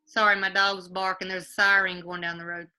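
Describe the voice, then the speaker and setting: A woman's voice: fairly low pitch, level tone, a little fast, bright, forceful tone. A woman teaching a grade-school class over a video call from home, patiently quizzing pupils by name and repeating her questions.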